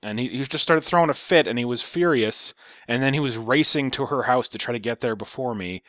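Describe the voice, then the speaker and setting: A man tells a story in a casual vlog, ranting with exasperation and swearing freely. His voice sits at a middle pitch. The sound is dry and close, with no room echo. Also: fairly quick, fairly bright tone. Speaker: vlogger.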